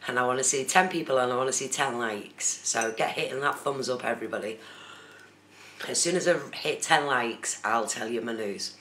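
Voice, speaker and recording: Bright live-streamer in a roomy room. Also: medium pitch, moderate pace. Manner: chatty, addresses viewers in chat by name. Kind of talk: casual live-stream chat. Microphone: phone camera. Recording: roomy with faint background noise.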